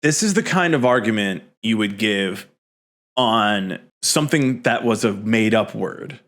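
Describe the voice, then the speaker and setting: A man in his thirties hosting a casual reaction chat, ranting in an animated way with swearing and laughter. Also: fairly low pitch, measured pace. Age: 30s. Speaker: host.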